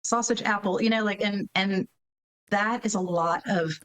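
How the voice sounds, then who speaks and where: A woman interview guest who directs a learning center, explaining in lively casual talk, acting out children and checking in with tag questions. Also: medium pitch, a little slow, poor audio. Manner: animated, acts out children's reading with voices; frequent tag questions, laughs while explaining.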